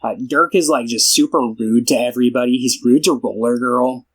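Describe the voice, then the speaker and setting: This podcast co-host speaks in a mid-range voice with fairly even intonation and a slightly fast pace, captured on a low-quality recording. Chatting casually, he recaps a film in a rambling way, stumbling through fillers and restarts while performing the characters' lines.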